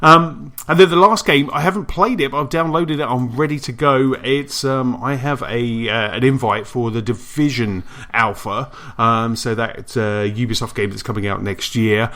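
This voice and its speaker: Male podcast host, bright forceful tone, rambling chatty delivery full of ums. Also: medium pitch, fairly even intonation, normal speed, few pauses. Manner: rambling, many fillers and restarts, laughs easily. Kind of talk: casual gaming podcast chat.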